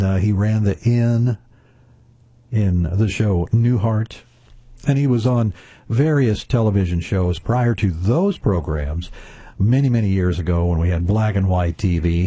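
A man hosting a radio show, talking in a relaxed folksy way with plenty of uhs. His voice is low, very dark and husky, close and dry in a studio. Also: no echo. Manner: folksy, chatty, with fillers. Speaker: radio host. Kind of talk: casual radio chat. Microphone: studio mic.

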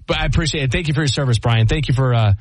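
An excitable male radio host with a slightly husky voice, talking in a dry, close studio sound. He reacts quickly and jumps in often. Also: medium pitch, dry recording. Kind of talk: sports radio talk.

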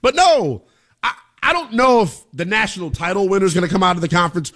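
Hyped sports show host, fairly high voice. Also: male voice, expressive, fairly bright tone. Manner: hyped, hollering, jokey with quick drops to mutters; talks straight to viewers, reads scores and chat comments. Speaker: college football show host. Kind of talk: live sports talk show.

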